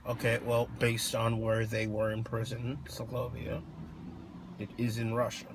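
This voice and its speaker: A man in casual conversation, talking through his opinions on films at an easy, middle pitch. His voice swings between loud and soft from phrase to phrase. A faint hiss of background noise sits under the recording. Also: completely flat delivery, unhurried. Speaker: co-host reviewing films. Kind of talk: casual chat.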